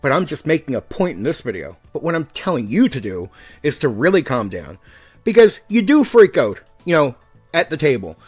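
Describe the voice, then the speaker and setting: A man hosting his own channel, giving a heated, profane rant to the camera as a longtime game master, moving between raised and calm speech to push his point. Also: fairly high pitch, moderate pace, husky, faint music behind. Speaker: YouTube host and game master. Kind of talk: ranting commentary to the camera.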